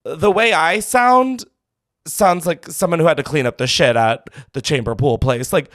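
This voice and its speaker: A man's voice: a little high, moderate pace, a bit bright, dry recording, studio quality. A man hosting a call-in show, reacting to callers in a dramatic, campy way. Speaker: podcast host taking calls. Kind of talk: casual call-in chat.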